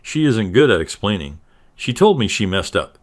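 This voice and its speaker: A man narrating a first-person story in a steady, even reading style. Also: fairly low pitch, normal speed.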